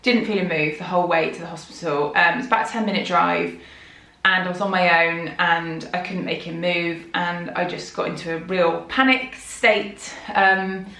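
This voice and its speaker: On her vlog, a heavily pregnant woman rambles candidly about what worries her, telling it like a chatty personal story. Her voice is on the low side, steady and sharp in tone at normal speed, with a roomy echo around it.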